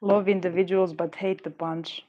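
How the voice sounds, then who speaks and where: A woman's voice: fairly low pitch, flat delivery, moderate pace, lo-fi sound. A woman chatting casually while she makes jewelry, rambling and talking herself through her frustration as she works. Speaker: jewelry maker streaming her work. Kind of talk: casual chat while crafting.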